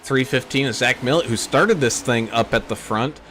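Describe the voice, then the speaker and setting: A man with an ordinary mid-range voice runs the play-by-play of a sim race, calling car numbers and positions at a steady clip. A faint hiss of noise runs underneath. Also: medium pitch, normal speed.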